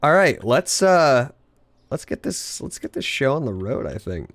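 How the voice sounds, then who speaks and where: A man's voice: mid-range voice, sing-song, measured pace, a bit bright, no room sound. A man streaming a video game, chatting casually in a rambling way, laughing often and swearing freely. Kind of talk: casual live-stream chat while gaming.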